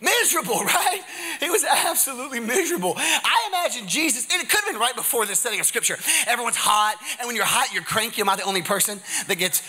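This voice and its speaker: Bright, lively man preaching a sermon. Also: high-pitched, fast, few pauses, husky. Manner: energetic, humorous preaching with call-and-response. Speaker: pastor. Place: church sanctuary.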